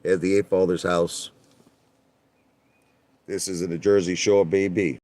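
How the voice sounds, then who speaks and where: A man's voice: deep voice, level tone, unhurried, a little mellow. A middle-aged man, chatting loosely with his livestream viewers from his car and greeting them by name. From Brooklyn, New York. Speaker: livestream host. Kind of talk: casual livestream chat.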